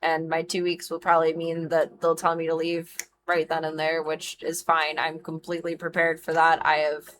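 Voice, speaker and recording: A woman in her thirties chats on a live stream in a bright, sharp voice. She talks frankly and with emphasis, swearing freely as she explains her work as a dog groomer. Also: low voice, monotone, moderate pace, slight background noise. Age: 30s. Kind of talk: casual live-stream chat.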